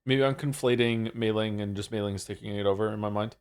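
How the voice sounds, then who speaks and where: A man's voice: on the low side, steady tone, brisk, clear, resonant tone. A man streaming a game live, reading viewer chat aloud and answering it in a talkative, wry way.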